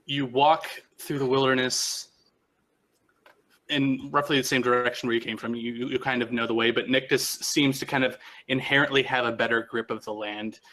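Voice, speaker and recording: A man narrating a tabletop game as game master, his voice bright and clear at a middle pitch. He tells the story loosely, circling back and restarting phrases as he goes. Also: level tone, normal speed.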